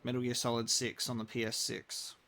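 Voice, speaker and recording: Gravelly man streaming casually. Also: mid-range voice, completely flat delivery, brisk, pushed and bright. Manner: rambling, chatty, lots of "like" and restarts. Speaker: game streamer. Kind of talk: casual live-stream chat.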